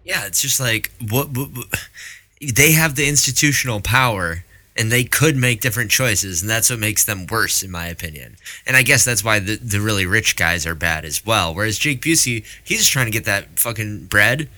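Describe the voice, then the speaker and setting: A man co-hosting a casual podcast chat, joking with deadpan asides. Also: fairly low pitch, moderate pace, hardly any pauses, no room sound. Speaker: podcast co-host.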